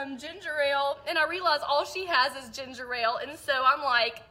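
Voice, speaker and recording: Very high-voiced giggly woman. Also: normal speed, hardly any pauses, bright, forceful tone. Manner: giggly, keeps breaking into laughter. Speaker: vlogger. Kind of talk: casual storytelling to camera.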